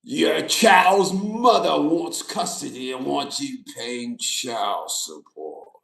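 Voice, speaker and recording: A man doing an impression of a sinister old emperor, slow, low and menacing. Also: animated, creaky, fairly bright tone, distant mic, full character voice. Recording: roomy echo.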